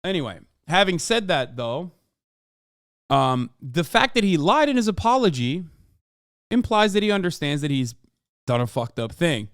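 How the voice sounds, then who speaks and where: A man's voice: fairly high pitch, big pitch swings, normal speed, clear, resonant tone, dry recording. A man streaming, reacting to a video with profane, sarcastic, heated commentary from home on a close desk mic.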